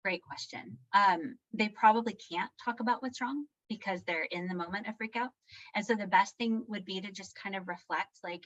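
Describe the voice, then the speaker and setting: A woman's voice: moderate pace, muffled recording. A middle-aged woman speaking as a guest on parenting, answering questions reflectively and acting out quoted lines. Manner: warm, reflective, acts out quotes with shifts in pitch.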